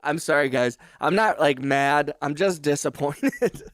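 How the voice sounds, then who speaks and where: A man putting on the voice of an app answering him, in a flat, mock-sincere tone a bit lower than his own. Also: measured pace, no echo, clean studio sound, lightly acted. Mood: mock-calm.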